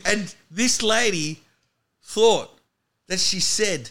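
A comedian telling animated stories as a podcast guest in a studio. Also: male voice, high voice, drawn-out words, pauses often. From Australia. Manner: animated anecdote teller. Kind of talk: storytelling in podcast chat.

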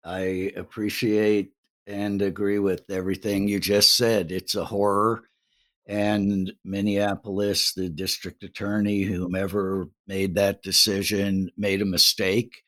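A man speaking in a measured, deliberate way as a guest in a political discussion. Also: lowish voice, little pitch movement, a bit bright. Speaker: panel guest.

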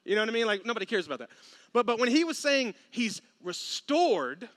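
An animated man preaching a lively, humorous sermon. His voice is high and bright, and the sound is dry and close. He acts out little voices as he tells the story. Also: fairly quick, no room sound. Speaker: pastor.

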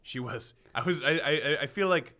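A man's voice: a little high, moderate pace, sharp tone. A man chatting as a podcast guest, joking along in dry, crude banter. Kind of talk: casual crude chat.

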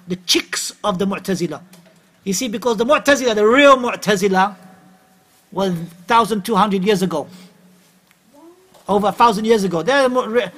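A man's voice: sits high, bright, forceful tone. A middle-aged man giving an Islamic lecture, emphatic and repeating his points. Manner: emphatic, repeats phrases, uses Arabic terms. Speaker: Islamic preacher.

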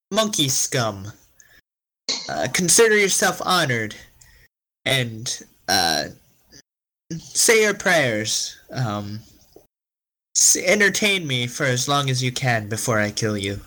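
A cold, boastful alien overlord , as a man puts him on casually, full of slow, smug threats. The pitch sits in a middling range and the delivery is unhurried, with hesitant fillers. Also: very animated, bright, forceful tone, exaggerated voice, poor audio. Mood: menacing. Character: cold arrogant alien tyrant, male, boastful.

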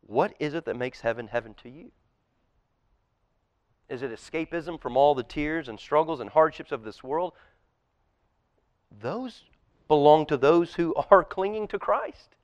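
A male pastor delivers a sermon in a fairly high voice. He is impassioned, rising to loud emphasis and sinking to hushed, near-whispered lines. The sound is close and dry. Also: animated, measured pace, pauses often, no room sound, dull audio. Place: church auditorium.

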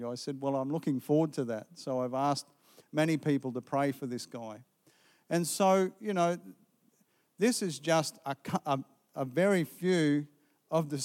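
A man preaches in a church, earnest and story-driven, acting out both sides of a conversation. His voice sits somewhat high for a man. A long reverb trails every phrase through the hall. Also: clear, resonant tone. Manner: earnest, retelling dialogue with lively quoted exchanges. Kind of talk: sermon testimony storytelling. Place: church sanctuary.

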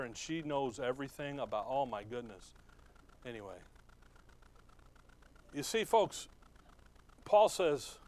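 A man preaching a sermon as pastor in a conversational way, with sudden loud emphasis and quick asides to the congregation. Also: medium pitch.

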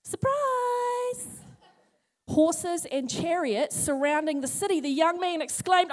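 A woman teaching a Bible passage in a chatty, animated sermon, acting out the characters as she goes. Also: very high-pitched, takes it slowly.

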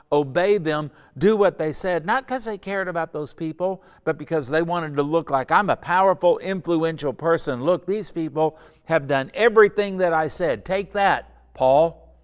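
A middle-aged pastor teaching a Sunday school Bible lesson, earnest and conversational, building to emphatic points. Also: male voice, on the high side, clear, resonant tone.

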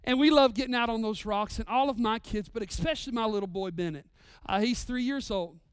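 A man in his thirties delivers a sermon with a smooth, clear voice, heard close and dry. He swings from loud, drawn-out proclamations to hushed, intimate storytelling. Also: high-pitched, dry recording. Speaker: pastor.

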